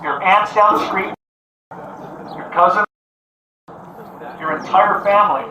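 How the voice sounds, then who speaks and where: A man working as a police negotiator, calmly and steadily appealing to someone to come out and talk. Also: high-pitched, measured pace, pauses often, lo-fi sound, background noise. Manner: steady, coaxing, repetitive appeals. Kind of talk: calm crisis negotiation. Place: outdoors on a street. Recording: echoey, from far off.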